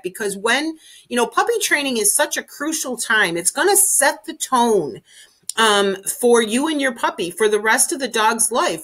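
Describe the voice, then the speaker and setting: A woman's voice: a little high, sharp tone. A woman dog trainer talking casually to camera, earnest and repetitive, with many fillers as she explains. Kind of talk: casual instructional talk to camera.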